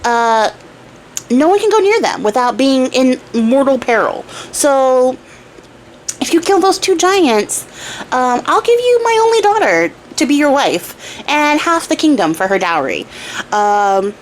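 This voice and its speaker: A woman's voice: sits high, sing-song, unhurried, a little hiss or hum, rough recording. A woman voicing a scheming king who talks in a casual, offhand way. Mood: persuasive. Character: scheming king, older man.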